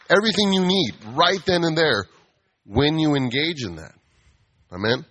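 A man's voice: medium pitch, pushed and bright, slightly rough. A man giving a casual, conversational sermon, playful and acting out quoted voices. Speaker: preacher.

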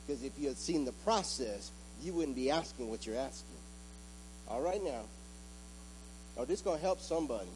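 A man preaching a sermon in a church, building from quiet talk to loud, rising preaching. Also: mid-range voice, expressive, normal speed, pauses often, a little hiss or hum, rough recording. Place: church with an altar.

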